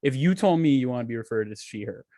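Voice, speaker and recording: A man's voice: medium pitch, expressive, quick pace, warm tone, no echo, clean studio sound. A young man co-hosting a podcast, talking casually in a heated, profane, rambling way. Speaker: podcast co-host. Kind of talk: casual chat.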